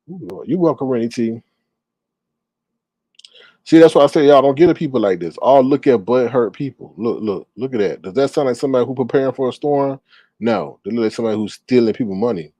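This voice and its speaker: A man's voice: mid-range voice, no echo. Sassy man reading live chat. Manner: sassy, animated, reads chat aloud with dramatic reactions. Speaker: live stream commentator. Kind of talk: casual live stream commentary.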